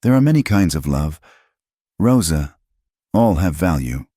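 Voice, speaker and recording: A man's voice: low-pitched, sing-song, unhurried, dark tone, dry recording, clean studio sound, heavily acted. A man voicing a proud, determined frontier woman who speaks firmly and defiantly in a storybook tale. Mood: tender. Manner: firm, defiant.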